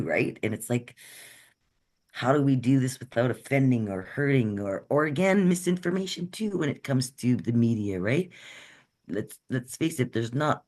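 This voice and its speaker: Woman guest speaker on a video call; earnest, conversational, checks in with the room. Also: rumbling low. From Canada. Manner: earnest, checks in often with "right?". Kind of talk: conversational workshop talk.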